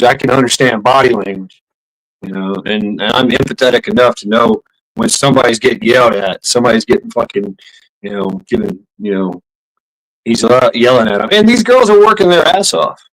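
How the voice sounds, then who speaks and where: A man's voice: mid-range voice, poor audio. A man streaming, telling a story in a casual, rambling way, swearing often, laughing and restarting his sentences. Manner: profane, laughing, full of fillers and restarts. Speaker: live streamer.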